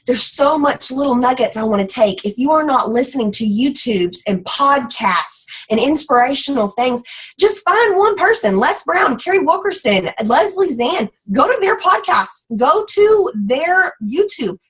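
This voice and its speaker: A woman leading a motivational team call, energetic and folksy, slipping into playful voices for quotes. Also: high voice, measured pace, low-quality recording. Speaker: team leader.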